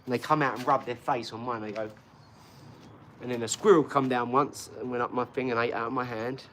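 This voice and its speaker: This man's voice sits at medium pitch, a bit bright, with a steady tone and a fairly quick pace, and there's slight background noise. On his casual livestream he rambles, swears freely, and answers viewers' comments directly.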